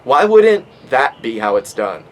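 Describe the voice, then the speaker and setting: A man's voice: mid-range voice, big pitch swings, a little slow, slight background noise, low-quality recording. A man in his twenties hosting a podcast, rambling casually with lots of swearing and fillers, stoned. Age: 20s. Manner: profane, rambling, with many fillers. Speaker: podcast host.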